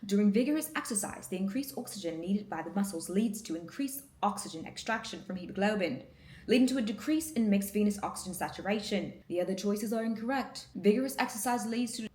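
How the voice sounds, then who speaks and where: A formal British newsreader, as a woman puts her on, reading aloud with a put-on accent. She keeps a steady, prim delivery. The room around her echoes. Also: a little high, natural voice. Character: woman playing a prim British news anchor.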